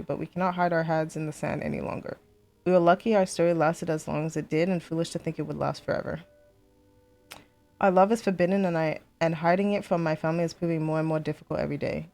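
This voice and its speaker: A woman streamer playing a story game, reading letters aloud in a steady voice and breaking into chatty, excitable remarks. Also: low voice. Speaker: let's play streamer.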